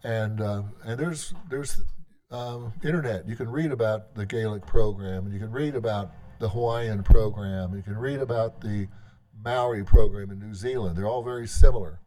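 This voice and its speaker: A man with a low, mellow voice addresses a legislative session as a tribal government leader. His remarks are unscripted and conversational, halting often and circling back to restart his sentences.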